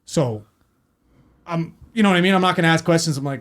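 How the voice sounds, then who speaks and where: A man's voice: a little high, a little fast, pauses often. A man, a paramedic telling a story in casual podcast chat, profane and rambling as he acts out quotes.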